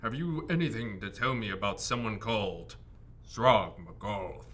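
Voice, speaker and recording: A man voicing a cold, disdainful ancient male dragon in a board game story, speaking slowly and formally. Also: on the low side, very animated, fairly bright tone. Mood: suspicious. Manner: slow, measured, pointedly formal speech.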